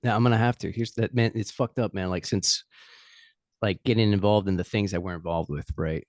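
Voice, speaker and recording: A man's voice: lowish voice, steady tone, a little fast, darkish tone, no room sound, studio quality. A man hosting a casual podcast over a video call, easygoing, laughing and swearing. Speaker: podcast host.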